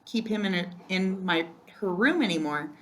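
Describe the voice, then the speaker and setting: A woman's voice: mid-range voice, expressive, moderate pace, a bit bright, lightly acted. A woman reading aloud, voicing a patient, proud schoolteacher wife in a children's story. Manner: patient, matter-of-fact. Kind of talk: children's book read aloud.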